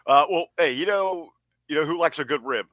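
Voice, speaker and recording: A man's voice: fairly high pitch, brisk, fairly bright tone, no room sound. A man co-hosting a casual wrestling podcast, hyping up over-the-top mock-patriotic bits and stretching out words for emphasis. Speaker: podcast co-host.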